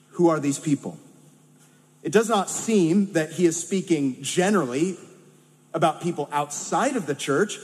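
A pastor from California, with a Californian accent and a high-pitched, slightly mellow voice, preaches a sermon conversationally, tossing in humorous asides. A long hall reverb surrounds the recording.

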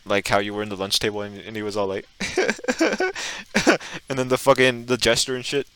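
A man's voice: medium pitch, lively intonation, normal speed, fairly bright tone, no echo, rough recording. A man chatting casually while playing a game, teasing his friend with crude jokes. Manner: crude, teasing, joking banter. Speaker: gamer co-host. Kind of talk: casual gaming chat.

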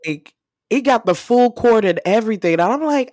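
A woman's voice: a little high, animated, moderate pace, darkish tone, dry recording. A woman co-hosting a podcast, chatting casually about a movie, laughing often and swearing freely.

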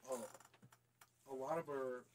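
A man's voice: mid-range voice, fairly even intonation, a little slow, a little hiss or hum, low-quality recording. A young man co-hosting a podcast, rambling in casual chat with lots of fillers and swearing. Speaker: podcast co-host.

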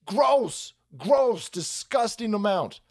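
Man, livestream rant, high voice, very lively pitch, profane, sarcastic, exasperated. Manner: foul-mouthed, sarcastic, exasperated; repeats words in rapid bursts. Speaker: livestream host.

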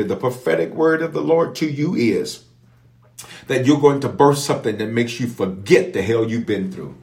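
Emphatic preaching bishop in echoey room. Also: male voice, medium pitch. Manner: emphatic, repetitive preaching cadence, prophetic declarations; speaks directly to an online audience. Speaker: bishop leading online prayer. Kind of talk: preaching prayer and Bible teaching.

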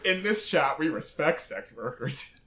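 A man's voice: fairly high pitch, lively intonation, a little slow, fairly bright tone, slight background noise. A man in his twenties co-hosting a podcast, chatting casually and telling a rambling story full of fillers. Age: 20s. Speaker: podcast co-host. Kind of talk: casual chat.

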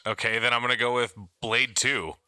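A man chatting playfully as a podcast guest, tossing out quick guesses. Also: mid-range voice, steady tone, pushed and bright, clear, resonant tone, no room sound, studio quality. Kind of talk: casual podcast chat.

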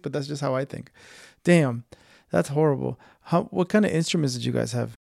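A man's voice: on the high side, normal speed, creaky, dark tone, dry recording, studio quality. A man hosting a casual interview, reacting with short sympathetic comments. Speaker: podcast host.

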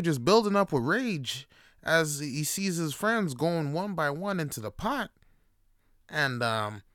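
A man hosting a show, telling stories in a relaxed, profane way with lots of fillers. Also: a little high, slow pace, dry recording, clean studio sound. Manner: laid-back, profane, full of fillers like "like". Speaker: podcast host. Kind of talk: casual storytelling monologue.

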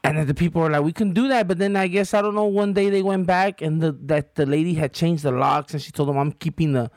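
A man from Southern California with a high voice tells a story in slangy, profane talk full of fillers. The sound is dry and close. It is a casual podcast chat between co-hosts. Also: quick pace, no room sound. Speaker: podcast co-host.

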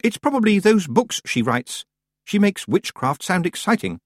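A man doing a prim, high-voiced busybody witch. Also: big pitch swings, normal speed, dry recording, clean studio sound. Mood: fussy. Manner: high-pitched, prim, eager. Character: fussy, nosy middle-aged woman witch. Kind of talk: audiobook character voice.

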